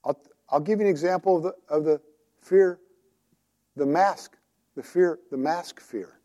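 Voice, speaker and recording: A man's voice: on the high side, measured pace, dark tone. A man preaching a sermon in a conversational, storytelling way, often asking his listeners direct questions.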